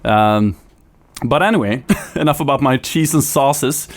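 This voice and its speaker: A man's voice: mid-range voice, measured pace, a little hiss or hum. A young Swedish man, a native Swedish speaker, chatting casually as a guest in a rambling, hesitant way and laughing often. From Sweden. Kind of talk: casual chat.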